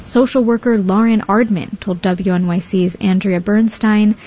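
A woman reporter narrating a radio news feature in a measured, even way. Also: mid-range voice, highs cut off, a little hiss or hum.

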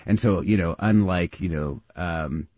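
A low-pitched man hosts a radio interview in a husky voice, circling his thoughts with hesitant restarts. The studio sound is dry and close, with a slightly muffled, dull broadcast tone. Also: measured pace, darkish tone, no room sound. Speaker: radio host.

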